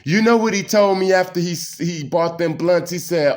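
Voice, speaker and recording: A man's voice: a little high, normal speed, few pauses. A man tells a personal story in an intense, streetwise way. He rambles from one memory to the next and drops "man" into nearly every line.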